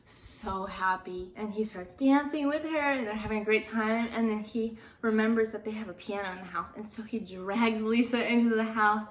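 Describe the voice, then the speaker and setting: A woman's voice: mid-range voice, steady tone, normal speed, hardly any pauses. A woman retelling a film's plot in a casual, chatty way, quoting the characters as she goes. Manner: chatty, quotes characters with "she's like", laughs now and then. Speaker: movie recap vlogger. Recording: roomy echo.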